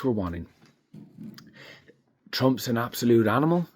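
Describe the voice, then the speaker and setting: A man's voice: lowish voice, normal speed, darkish tone. A young man giving a blunt, emphatic opinion monologue to camera, swearing freely. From Ireland. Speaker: vlogger.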